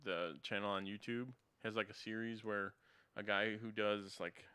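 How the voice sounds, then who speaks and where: Man, movie podcast chat, smooth clear voice, bright, rambly with tangents. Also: lowish voice, steady tone, normal speed. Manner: rambling, goes off on tangents, many restarts. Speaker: podcast co-host. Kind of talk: casual movie review chat.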